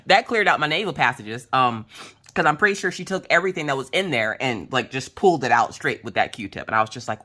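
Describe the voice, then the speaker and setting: A young woman telling a story in a casual chat, animated and dramatic, breaking into loud squeals and exclamations. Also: rumbling low, brisk. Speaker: crafting vlogger.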